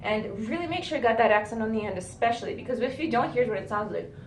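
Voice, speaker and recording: A woman's voice: a little high, quick pace, heavy background noise. Patient woman drum teacher, echoey room. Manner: patient, explains step by step, often checks with "right?". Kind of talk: video lesson, counting rhythms aloud. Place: music school room with drums. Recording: echoey room with loud drumming.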